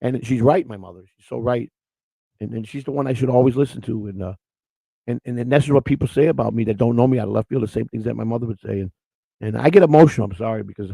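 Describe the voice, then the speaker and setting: A man's voice: medium pitch, fast, gravelly, mellow, husky, dry recording, poor audio. A man hosting a live-stream morning show, rambling in unscripted chat, blunt and crude, restarting his words again and again.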